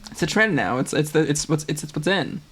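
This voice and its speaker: A man's voice: on the high side, lively intonation, a little fast, fairly bright tone, breathy edge. A man co-hosting a podcast, laid-back, mostly giving short supportive replies. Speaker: podcast co-host. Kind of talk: casual chat.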